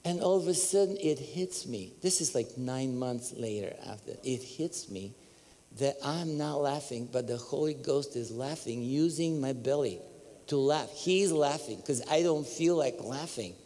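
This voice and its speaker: Bulgarian-accented preacher in a reverberant hall. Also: male voice, moderate pace, a little hiss or hum. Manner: animated storytelling, bursts of laughter and high exclamations. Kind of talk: testimony sermon. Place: large church hall.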